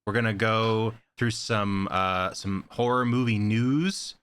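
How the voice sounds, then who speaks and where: A man co-hosting a casual horror podcast, rambling excitedly with lots of "like" fillers. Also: on the low side, slow pace, clean tone. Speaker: podcast co-host. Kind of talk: casual chat.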